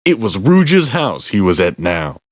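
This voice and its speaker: A man hosting a podcast, reading fan fiction aloud in a slow, deadpan comedic way. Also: on the low side, no room sound, studio quality. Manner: slow, deadpan, breaking into laughter.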